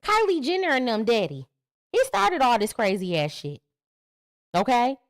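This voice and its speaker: A woman podcast host giving brash, profane comedic commentary, swinging from loud outbursts to low mutters. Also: wildly swooping pitch, normal speed, dry recording.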